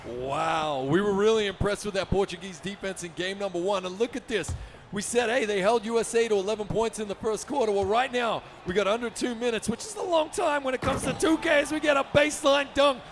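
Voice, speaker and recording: A man giving energetic, upbeat play-by-play for a basketball video game tournament, often shouting the big plays. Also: high-pitched, fairly quick, faint music behind. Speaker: esports commentator.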